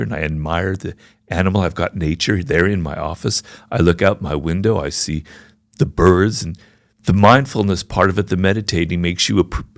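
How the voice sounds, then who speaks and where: Gravelly low-voiced man in his sixties. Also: dry recording, studio quality. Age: 60s. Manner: frank and reflective. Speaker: podcast guest, author. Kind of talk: candid conversational interview.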